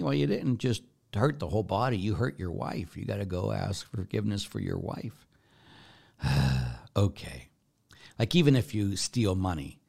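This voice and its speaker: A Catholic priest with a medium-pitched voice answers viewer questions in a broadcast, teaching conversationally. He often poses questions to himself and then answers them.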